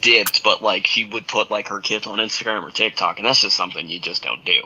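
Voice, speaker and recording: Bright-voiced young man telling stories. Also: lowish voice, brisk, dull audio, slight background noise. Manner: animated storyteller, acts out quotes. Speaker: podcast co-host and schoolteacher. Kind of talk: casual sports podcast chat.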